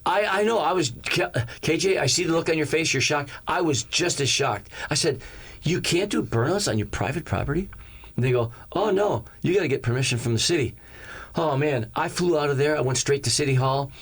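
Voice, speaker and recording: A man preaching as a pastor, telling a personal story in a lively way and acting out the lines of each person in it. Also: on the high side, a little fast, breathy edge. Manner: animated, acts out each character's lines in the story. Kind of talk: storytelling sermon.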